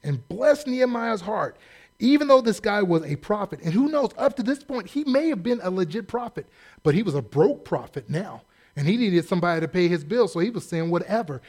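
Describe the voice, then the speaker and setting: A male pastor preaching a sermon in a blunt, sarcastic, animated storytelling manner. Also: high voice, brisk. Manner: animated storytelling with acted quotes.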